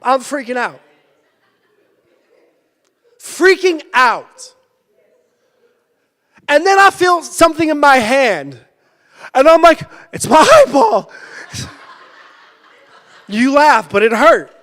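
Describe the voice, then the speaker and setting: A male pastor giving a sermon, telling a personal story with lively energy and sudden shouted bursts. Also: extremely high pitch, slow pace, long pauses. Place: church sanctuary. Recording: church hall with long reverb.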